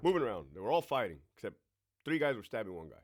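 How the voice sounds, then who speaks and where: Animated profane storytelling man. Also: on the low side, rapid-fire. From California. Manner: animated and profane, with sound effects and asides to himself. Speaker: host, former prison officer. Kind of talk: casual storytime monologue.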